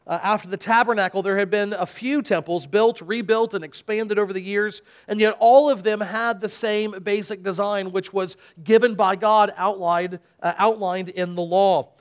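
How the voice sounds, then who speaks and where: A man's voice: sits high, fairly even intonation, normal speed, hardly any pauses, clean tone. A man preaching in a church service, reading scripture dramatically and then explaining it. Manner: dramatic reading with emphatic quoted speech.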